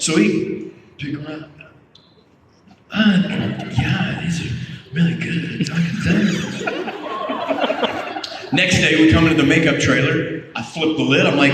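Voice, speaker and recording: A high-voiced man tells a rowdy, profane story to a convention crowd. He mimics the other people in it as he goes. He sounds distant, caught in a long-reverberating hall with steady background noise. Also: a little slow, long pauses. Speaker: convention panel guest. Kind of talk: storytelling to an audience. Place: convention panel room. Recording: far-off echoey hall with noise.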